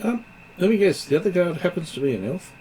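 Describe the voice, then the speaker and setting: A man playing a tabletop game, dropping quick wry remarks. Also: high-pitched, lively intonation, warm tone, slight background noise, poor audio. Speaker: player.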